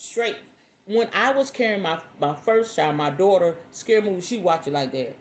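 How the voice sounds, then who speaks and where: A woman's voice: fairly low pitch, normal speed. A woman hosting a spiritual podcast who chats casually with her listeners, laughs often and reads aloud from a book. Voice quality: expressive, laughs often, talks straight to viewers.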